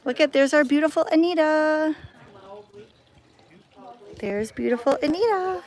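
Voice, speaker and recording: A bubbly, chatty woman with a fairly high voice, filming a casual vlog while she walks around outdoors. She talks into a handheld phone camera with plenty of enthusiasm. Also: a little slow, darkish tone. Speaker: cat sanctuary vlogger. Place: outdoors at a cat sanctuary.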